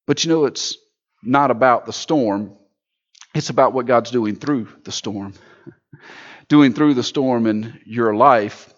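A man's voice: medium pitch, slow pace, long pauses. A man preaching a sermon in a church, with a rhythmic, repetitive, building delivery, heard on a dull recording. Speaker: pastor.

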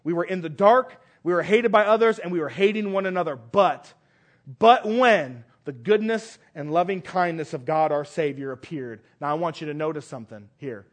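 A male pastor preaching a sermon, stressing phrases by repeating them and swinging between loud declarations and hushed lines. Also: fairly high pitch, normal speed.

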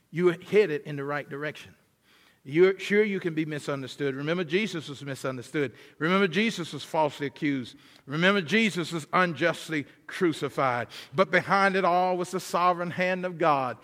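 A man giving a sermon as a guest preacher, emphatic and building toward near-shouts, often repeating words as he goes. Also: a little high, normal speed. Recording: long hall reverb.

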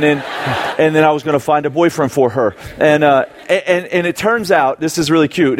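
A young adult ministry pastor in his thirties, with a slightly high voice, delivers a conversational sermon to a live audience in a church auditorium. He tells a family story and acts out quotes, frequently restarting his sentences.

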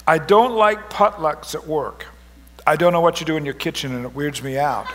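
A middle-aged pastor delivering a lighthearted sermon in church, his voice pitched high for a man. He jokes and teases the congregation with animated, playful delivery. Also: normal speed. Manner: joking, animated, teasing the congregation. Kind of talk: humorous sermon. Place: church service.

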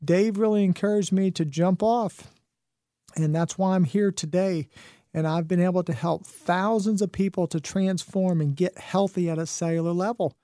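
A man's voice: high voice, fairly even intonation, normal speed, mellow, no echo, clean studio sound. A middle-aged man hosting a health and wellness radio talk show, folksy and preachy, full of rhetorical questions.

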